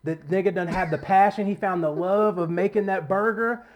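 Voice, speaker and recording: A man's voice: high voice, steady tone, normal speed, a crowd in the background. A man co-hosting a podcast, retelling a movie plot in loose, profane, casual talk, acting out the characters' quotes. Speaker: podcast co-host.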